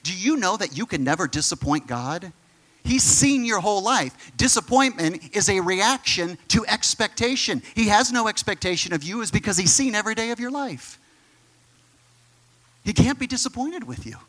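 A man's voice: sits high, lively intonation, normal speed, fairly bright tone. A middle-aged man preaching a sermon, explaining scripture in an emphatic, conversational way. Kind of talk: sermon teaching.

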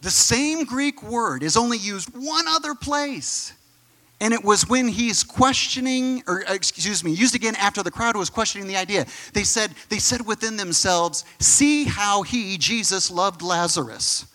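A man's voice: sits high, animated, moderate pace, pushed and bright. A middle-aged man preaching a sermon, explaining scripture in an emphatic, conversational way. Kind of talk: sermon teaching.

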